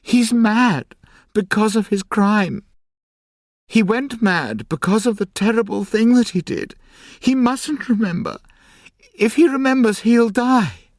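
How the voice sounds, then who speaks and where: Audiobook: male reader playing a tearful village aunt, high and pleading, slow. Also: animated, no echo, clean studio sound. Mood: frantic. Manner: pleading, crying out in high strained tones. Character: frantic tearful older village woman, Aunt Rosa. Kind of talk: audiobook character reading.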